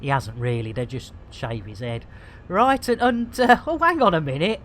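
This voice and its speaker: A woman's voice: low voice, animated, normal speed. A woman hosting a live game stream, rambling in a jokey, self-mocking and theatrical way.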